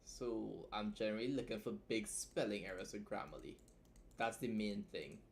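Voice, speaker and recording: Young man, tired, low voice, casual livestream tutorial, keeps saying "right?", soft keyboard clicks in the background. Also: lively intonation, moderate pace, vocal fry, slight background noise. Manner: loose and chatty, tags points with "right?" and "like". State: tired from staying up long. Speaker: writing streamer teaching editing.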